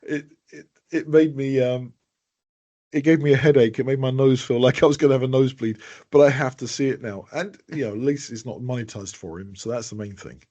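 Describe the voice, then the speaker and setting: A man's voice: mid-range voice, brisk, dark tone, highs cut off. A man co-hosting a podcast, joking and rambling in casual chat, stumbling over his words. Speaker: podcast co-host.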